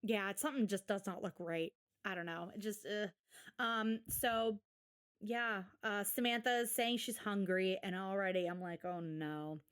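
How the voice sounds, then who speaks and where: A woman's voice: mid-range voice, normal speed, a bit bright, clean tone. A woman co-hosting a podcast, recapping a reality show in casual chat with exasperated sarcasm. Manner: sarcastic, exasperated, quotes people in put-on voices. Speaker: podcast co-host.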